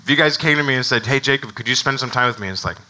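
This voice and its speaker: Male pastor, casual conversational sermon, very bright tone, restarts and laughs often. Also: medium pitch, rapid-fire, poor audio. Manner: conversational, many fillers and restarts.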